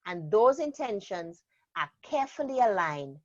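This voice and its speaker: A woman trainer explaining a method in an interview, speaking deliberately and stressing key words. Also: mid-range voice, big pitch swings. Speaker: productivity trainer. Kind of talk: instructional interview talk. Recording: slightly dull lo-fi sound.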